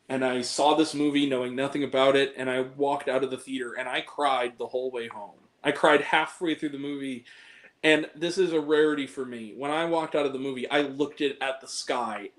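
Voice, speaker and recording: An earnest young man chats about the films he loves, speaking openly and with feeling. His voice sits at an everyday middle pitch for a man, and he talks as a host leading the chat with friends. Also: poor audio. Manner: earnest and heartfelt, quotes movie lines. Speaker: podcast host ranking films. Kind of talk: emotional casual film talk.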